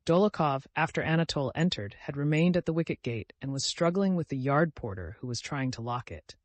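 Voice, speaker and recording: A man narrating an audiobook in a measured storytelling voice. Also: a little high, lively intonation, dry recording. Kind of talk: scripted narration.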